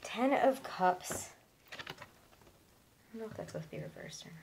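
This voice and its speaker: A woman's voice: mid-range voice, wildly swooping pitch, normal speed, darkish tone, a little hiss or hum, poor audio. A young woman giving a casual, reassuring tarot reading, talking chattily with lots of fillers. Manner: chatty, reassuring, many likes and ums. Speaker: tarot reader.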